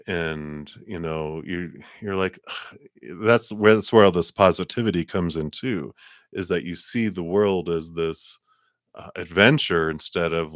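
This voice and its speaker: Middle-aged male tarot reader with a low voice who chuckles often and repeats words as he thinks aloud. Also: fairly bright tone, no echo, studio quality. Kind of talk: live tarot reading for a viewer.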